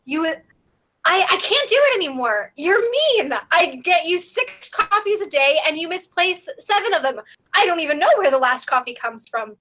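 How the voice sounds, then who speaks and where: A woman's voice: sits high, pushed and bright, low-quality recording. A woman playing a fed-up young secretary. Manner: ranting, then stammering in apology. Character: fed-up young female office secretary, proud and bitter.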